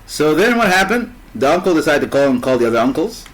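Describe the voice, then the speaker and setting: A man's voice: fairly high pitch, sing-song, quick pace, poor audio. A man casually telling a long story, rambling and stopping to search for words. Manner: rambling, fills gaps with "what's it called".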